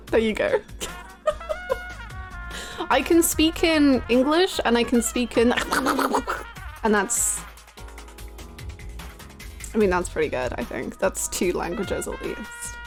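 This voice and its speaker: A young Australian woman chatting casually with viewers on a live stream, bubbly and quick to laugh. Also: high-pitched, huge pitch swings, faint music behind.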